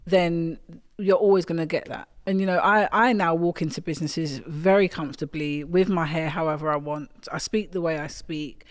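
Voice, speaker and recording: A woman's voice: sits low, steady tone, moderate pace. A woman from England speaking as a guest executive coach in a casual podcast conversation, earnest and emphatic. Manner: earnest, emphatic, frequent agreeing. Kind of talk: casual interview chat.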